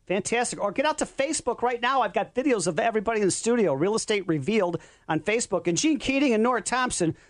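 A man's voice: high-pitched, expressive, fast talker, few pauses, no room sound. A man hosting a radio talk show, upbeat and enthusiastic, speaking in a studio.

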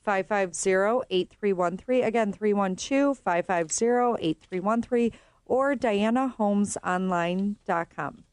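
A woman's voice: medium pitch, a little slow, darkish tone, clear, resonant tone, dry recording. A woman speaking as a real estate guest in a radio studio, chatty and explanatory. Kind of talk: radio interview.

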